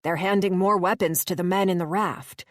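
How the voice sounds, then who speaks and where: A woman's voice: on the low side, steady tone, moderate pace, dry recording, clean studio sound, natural voice. A woman voicing a frightened survivor on watch who speaks in short, urgent bursts. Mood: tense. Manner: terse, urgent.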